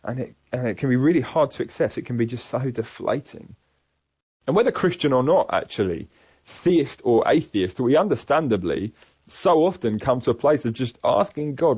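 A man giving a sermon-style Bible teaching in an earnest, measured, reflective way. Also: medium pitch, animated, darkish tone, slightly rough, no room sound. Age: adult parent. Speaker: preacher.

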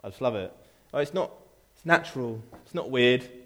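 Man preaching a relaxed, chatty sermon. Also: mid-range voice, normal speed. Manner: conversational, repeats words and restarts, playful asides. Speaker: pastor. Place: church.

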